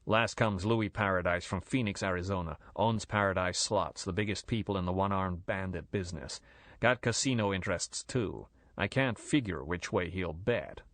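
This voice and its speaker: Touchy gangster boss, curt and menacing, low and dry, as a male narrator puts him on. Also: moderate pace, fairly bright tone, dry recording. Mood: blunt. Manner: curt, blunt, threatening.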